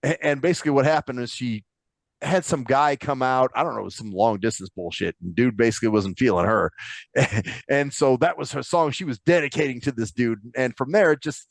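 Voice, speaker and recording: A man's voice: medium pitch, fairly quick, vocal fry, dry recording. A man co-hosting a podcast, telling stories in loose casual chat, swearing freely and laughing often. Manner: swears freely, animated storytelling, frequent laughs. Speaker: podcast co-host.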